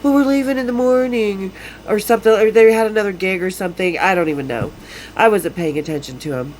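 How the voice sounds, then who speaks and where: A woman's voice: mid-range voice, quick pace, a little mellow, rough recording. Woman in her fifties, from Utah, podcast host telling stories casually, frank and profane, slight background noise. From Salt Lake City, Utah. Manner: blunt, profane, laughs often. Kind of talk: casual storytelling.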